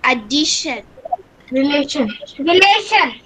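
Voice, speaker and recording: A female student says vocabulary words back slowly and carefully, answering her teacher. Her voice is very high and bright, and each word comes out drawn out. A faint rumble and hiss sit behind her. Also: expressive, low-quality recording.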